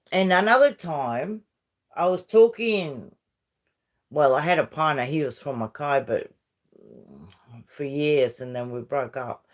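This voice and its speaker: A woman's voice: low voice, darkish tone. A middle-aged woman from Uruguay, a Spanish speaker chatting casually with viewers on a livestream. She rambles and switches between English and Spanish. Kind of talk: casual live-stream chat.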